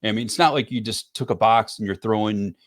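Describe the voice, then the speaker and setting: A man's voice: on the low side, fairly quick, dry recording, clean studio sound. A man hosting a business podcast, mostly giving short affirmations and summing up the guest's points. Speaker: podcast host. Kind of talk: interviewer, brief backchannel.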